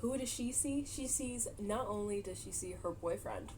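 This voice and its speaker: A woman's voice: mid-range voice, lively intonation, normal speed, darkish tone, slight background noise. A young woman casually recapping a movie for her vlog, chatty and giggly, animating her retelling. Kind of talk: casual chat.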